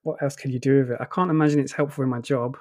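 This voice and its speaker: A man with an Essex accent co-hosting a tech podcast, relaxed and chatty. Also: medium pitch, rapid-fire. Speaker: podcast co-host. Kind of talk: casual tech discussion.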